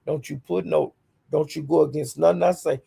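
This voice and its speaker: A woman's voice: low voice, steady tone, normal speed, creaky, warm tone, husky. A woman hosting a casual livestream, greeting viewers by name and speaking bluntly and defiantly. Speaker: livestream host.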